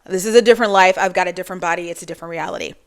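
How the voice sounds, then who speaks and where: A woman's voice: on the low side, very fast, clear, resonant tone. A woman in her forties talking casually to camera in a chatty, rambling monologue with frequent asides. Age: 40s. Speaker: vlogger.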